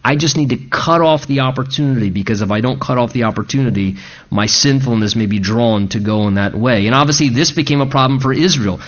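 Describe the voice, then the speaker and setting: A man's voice: medium pitch, a little fast, highs cut off. A man preaching a sermon in an earnest manner, asking rising, emphatic questions. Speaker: pastor.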